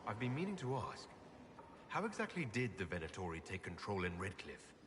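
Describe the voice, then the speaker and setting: A man voicing a male leader who speaks in a calm, dry and direct way. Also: fairly low pitch, fairly quick, background noise. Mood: questioning. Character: steady male inquisitor leader, dry-humored. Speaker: player character, leader. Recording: game audio with long reverb and ambience.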